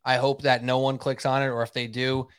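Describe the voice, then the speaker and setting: A man co-hosting a casual sports podcast, talking in an animated, emphatic way and often repeating himself. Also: mid-range voice, a little fast, smooth, no echo, studio quality. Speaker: podcast co-host.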